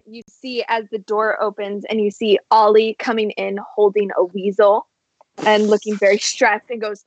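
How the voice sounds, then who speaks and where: A woman's voice: medium pitch, little pitch movement, moderate pace, no room sound, poor audio. A woman narrating a tabletop game as game master in a matter-of-fact way.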